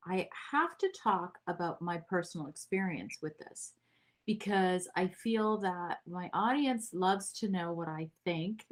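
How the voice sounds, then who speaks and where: A woman hosting a podcast, talking in a personal, chatty way and laughing easily. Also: fairly low pitch. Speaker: podcast host. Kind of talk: casual interview chat.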